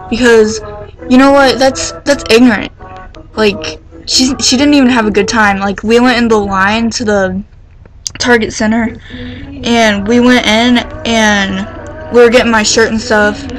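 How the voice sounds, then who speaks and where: This vlogger's mid-range voice comes through a rough recording as she excitedly rambles through a story. As she grows worked up she drops casual swears, padding her pauses with "like."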